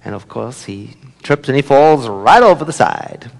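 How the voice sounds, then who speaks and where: A man's voice: medium pitch, animated, normal speed, vocal fry. A man giving a sermon as a minister, telling a story with humor and acting out its voices. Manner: storytelling, warm humor, acts out voices in a joke. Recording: long reverb of a hall.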